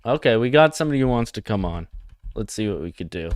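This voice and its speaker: A man's voice: on the low side, animated, fast talker, no room sound, clean studio sound. A young man hosting a satirical comedy livestream, talking provocatively and mockingly and reading comments from chat.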